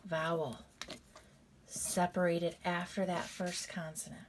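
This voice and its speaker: A woman teacher giving a recorded reading lesson. She goes through patterns deliberately, step by step, repeats them, and calls her students "you guys". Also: on the low side, flat delivery, a little hiss or hum.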